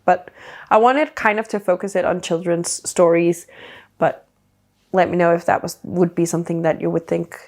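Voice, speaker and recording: This book haul chat comes from a Danish vlogger, a woman whose native language is Danish, speaking casual English at a normal pace. Her fairly low, slightly mellow voice keeps a fairly even intonation as she rambles about her new books, dropping "like" constantly.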